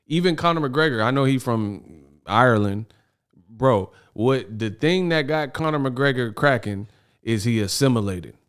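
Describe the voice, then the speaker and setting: Animated slangy man with a smooth voice. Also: mid-range voice, a little slow. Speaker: boxing commentary host. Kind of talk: casual reaction commentary.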